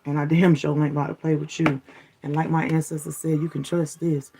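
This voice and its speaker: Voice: mid-range voice, flat delivery, a little fast, vocal fry, noisy background. A content creator delivering a defiant, taunting spiritual warning straight to the viewer, repeating "you feel me?" as they go. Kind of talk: direct-to-camera warning rant.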